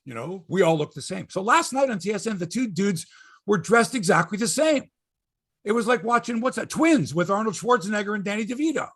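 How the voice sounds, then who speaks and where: Man, middle-aged, from Canada, somewhat high voice, very lively pitch, profane casual sports talk. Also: brisk, husky. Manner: rambling, profane, wry sports banter. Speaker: sports podcast host. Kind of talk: casual chat.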